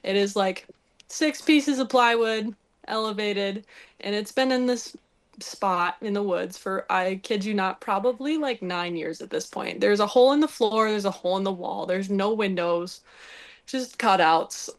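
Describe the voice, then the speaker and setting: A young woman telling a hunting story on a podcast in a casual, animated way, laughing and acting out what people said. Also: medium pitch, measured pace.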